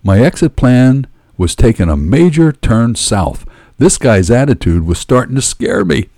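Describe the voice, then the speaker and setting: A man narrating a first-person story in a dramatic, animated and profane way. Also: mid-range voice, unhurried, dry recording, clean studio sound.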